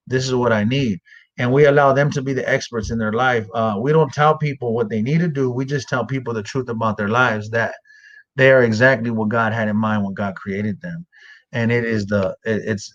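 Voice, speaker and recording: A man in his thirties shares his personal story in an earnest, plain-spoken way, with casual slang. His voice sits at a middle pitch. The recording is dull and lo-fi. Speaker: staff director at a nonprofit. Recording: dull lo-fi sound.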